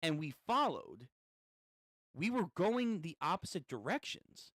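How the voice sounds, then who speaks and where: A man's voice: on the high side, very animated, measured pace, fairly bright tone, no room sound, studio quality. A man casually reading a comic aloud and reacting as he goes, swearing often. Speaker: comic read-through host.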